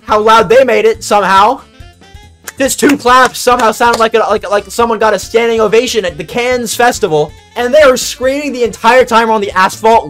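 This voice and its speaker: Young man, streamer, high voice, animated, exasperated, swearing. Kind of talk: casual storytelling.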